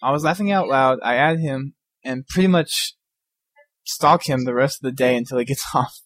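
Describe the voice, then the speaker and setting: A man's voice: mid-range voice, normal speed, fairly bright tone, no room sound. A man co-hosting a gaming podcast, laid-back, reading listener stories with a laugh in his voice. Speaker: podcast co-host. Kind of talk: casual gaming podcast chat.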